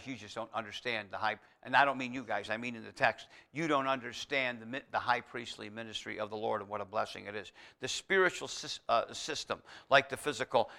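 A male preacher with a bright, forward tone gives a homey, conversational sermon. He breaks off into asides and restarts, then climbs into loud, emphatic exhortation. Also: mid-range voice, creaky.

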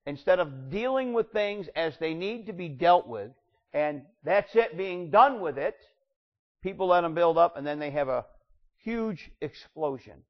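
A man's voice: fairly high pitch, animated, unhurried. A man preaching a sermon, reading scripture and then pressing his point with rising bursts of emphasis. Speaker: pastor. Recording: dull roomy church recording.

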